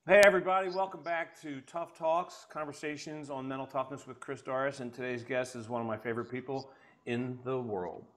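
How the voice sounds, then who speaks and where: A man's voice: mid-range voice, fairly even intonation, a little fast, fairly bright tone, faint music behind. A man hosting an interview show, chatting casually and enthusiastically, often restarting his sentences. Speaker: podcast host.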